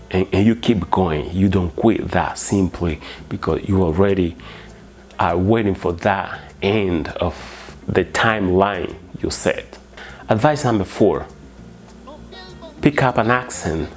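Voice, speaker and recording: Slow, gravelly man teaching. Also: low-pitched, a little mellow. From Colombia. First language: Spanish. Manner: earnest, repeats words for emphasis, halting restarts. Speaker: Spanish teacher. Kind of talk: instructional video talk.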